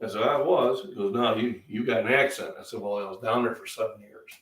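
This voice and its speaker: A middle-aged Midwestern man hosting a casual fitness chat, rambling with many fillers, feeling under the weather with coughs and throat-clearing. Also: lowish voice, a little fast, fairly bright tone. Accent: Midwestern American. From Illinois, US Midwest. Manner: rambling, chatty, frequent fillers. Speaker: fitness channel host. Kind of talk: casual live-stream breakfast chat. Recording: echoey room, distant mic.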